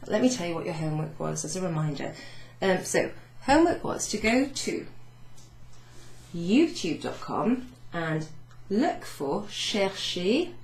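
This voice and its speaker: A woman French teacher recapping a beginners' lesson, chatty, saying French phrases slowly with teacherly emphasis. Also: lowish voice, darkish tone. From Wales. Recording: echoey room with faint noise.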